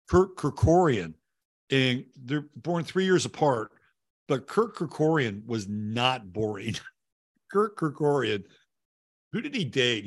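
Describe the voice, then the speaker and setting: A Texas livestream host chats from home, reading viewer comments and rambling loosely with plenty of fillers, restarts and casual cursing. His voice sits at a medium pitch, captured at studio quality with no echo.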